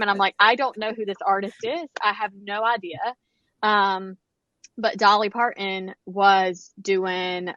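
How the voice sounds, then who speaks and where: A woman, co-hosting a casual chat and telling animated stories with lots of quoted dialogue. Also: mid-range voice, muffled recording. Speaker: podcast co-host.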